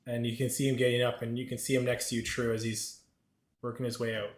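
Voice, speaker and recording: A man narrating and running a tabletop game as game master, describing scenes at an unhurried pace. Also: medium pitch, level tone, reverberant.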